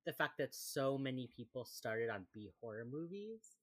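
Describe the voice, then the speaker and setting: A woman's voice: extremely low pitch, normal speed. A woman co-hosting a casual podcast, recapping a TV episode and acting out characters' lines. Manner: animated, acts out quotes. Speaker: podcast co-host.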